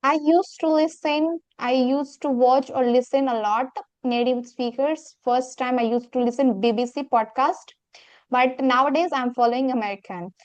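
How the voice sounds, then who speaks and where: A woman's voice: high-pitched, fairly even intonation, normal speed, dry recording. A woman in a casual English practice chat, earnest and talking in long searching sentences. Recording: dull, muffled sound.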